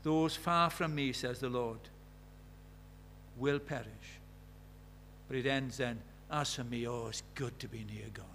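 A man's voice: mid-range voice, measured pace, pauses often, fairly bright tone, a little hiss or hum. A man preaching a sermon, earnest and questioning, retelling conversations as dialogue.

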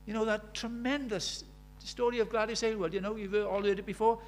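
High-voiced preacher, emphatic. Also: male voice, steady tone, fairly quick, faint music behind. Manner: emphatic, rhetorical questions, storytelling. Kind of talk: sermon.

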